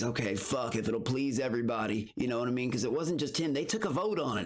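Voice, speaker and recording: A man's voice: medium pitch, fast, hardly any pauses. Heated, rambling male streamer. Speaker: streamer reacting to recaps. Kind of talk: casual reaction commentary.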